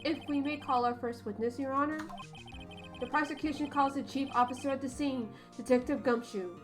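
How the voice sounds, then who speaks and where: A woman voicing a cool, formal male prosecutor in a lowered, clipped voice. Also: steady tone, brisk, music in the background, natural voice.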